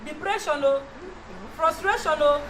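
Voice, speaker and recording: An actress playing a quick-tempered young woman with a Nigerian accent who talks in an animated way. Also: sits high. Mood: earnest. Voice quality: animated, laughing, switches between languages. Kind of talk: comic TV drama. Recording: distant mic with background noise.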